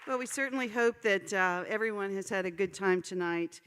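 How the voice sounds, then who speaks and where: A woman's voice: medium pitch, a little fast, fairly bright tone, a faint crowd, slight background noise. A woman hosting a live event, thanking the guest and presenting a gift in a polished manner. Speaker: event host. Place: large event hall. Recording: hall reverb with audience.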